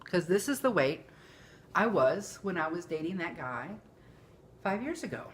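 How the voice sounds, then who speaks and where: A woman's voice: on the low side, very animated, unhurried, slight background noise. A woman, talking candidly and emotionally in a rambling personal vlog. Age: 40s. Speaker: vlogger. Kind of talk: casual confessional vlog.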